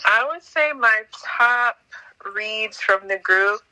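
A woman's voice: a little high, slow pace, pushed and bright, rough recording. A woman guest on a podcast, chatting casually and enthusiastically agreeing. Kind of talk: casual chat.

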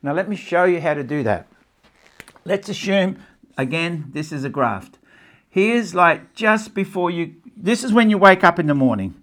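A man coaching stress relief and sleep in front of a small live audience. His voice sits a little high for a man and swings widely in pitch. He repeats his points and keeps asking whether the listeners follow him. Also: lively intonation, moderate pace, a bit bright. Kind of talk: live talk to an audience and camera.

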